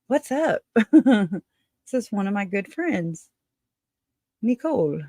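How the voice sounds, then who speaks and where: A woman's voice: medium pitch, sing-song, drawn-out words, pauses often, no echo, clean studio sound. A woman hosting a casual livestream, rambling, chatting with viewers and laughing often. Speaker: livestream host.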